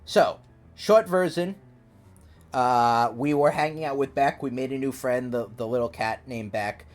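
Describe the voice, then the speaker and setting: A man's voice: medium pitch, unhurried. A man live-streaming a story game, chatting casually and rambling as he plays. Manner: chatty, rambling, lively, reads characters aloud. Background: faint game piano music.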